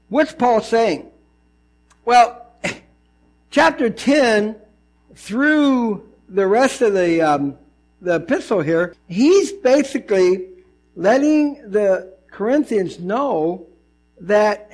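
A man preaching a sermon as pastor, animated and conversational, with lots of asides and restarts. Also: high-pitched, measured pace, vocal fry, poor audio.

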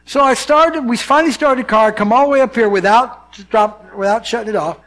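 A man's voice: very high voice, a little fast. An older man, a pastor, preaching a sermon and telling personal stories, acting out the people in them. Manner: animated storyteller, acts out dialogue.

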